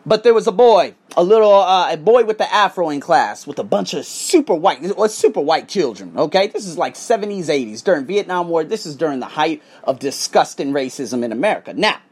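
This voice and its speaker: Guy on a profane rant to his viewers, voice leaping up and dropping way down, loud bursts then low mutters. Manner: heated, profane, swinging between loud outbursts and low muttered asides. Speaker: English teacher and podcaster. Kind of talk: casual ranting monologue to viewers.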